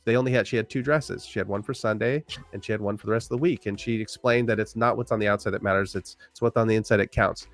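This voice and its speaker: Give me a fast-talking man acting out quotes as an animated podcast guest, in a dry close-mic sound. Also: on the low side, no room sound. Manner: animated storyteller, swears freely, acts out quotes. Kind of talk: casual conversation.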